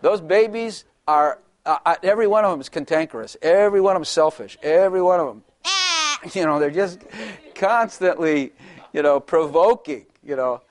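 A man's voice: a little high, lively intonation, normal speed, dry recording. An older man, a pastor, giving a humorous, chatty sermon, often laughing and acting out little voices.

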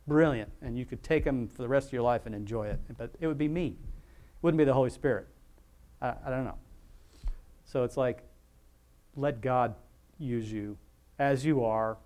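Man, informal sermon, rambling, conversational, chuckles often, mid-pitched voice. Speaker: preacher.

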